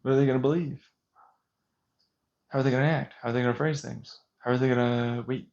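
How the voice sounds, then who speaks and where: A man delivers an intense vlog rant, agitated and sarcastic, firing off one pointed question after another. His pitch sits in a middling range, and the recording sounds dull and lo-fi. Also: steady tone, a little fast, darkish tone. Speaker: vlogger.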